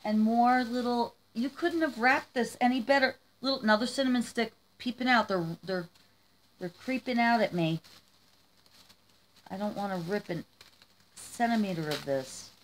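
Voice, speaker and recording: A woman's voice: a little high, normal speed, a little hiss or hum. A woman vlogging as she opens gifts, gushing and emotional, crying happy tears. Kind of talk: casual vlog, opening gifts.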